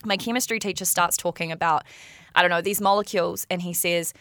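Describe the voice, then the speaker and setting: Bright-voiced woman guest, dry close mic, talkative storyteller. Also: lowish voice, fairly even intonation, a little fast, no room sound. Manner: chatty, laughs often while telling stories. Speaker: podcast guest. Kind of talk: casual storytelling.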